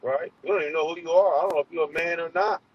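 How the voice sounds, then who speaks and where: A man vents on a livestream, profane and confrontational, full of fillers and restarts. His voice sits a little high and sounds husky. The stream audio is muffled and lo-fi. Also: rapid-fire, no echo. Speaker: livestream host. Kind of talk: heated livestream monologue.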